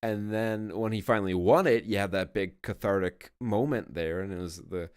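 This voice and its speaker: A man's voice: lowish voice, normal speed, clean tone, dry recording, clean studio sound. A man co-hosting a podcast, talking casually and emphatically, swearing now and then. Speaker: podcast co-host. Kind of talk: casual wrestling review chat.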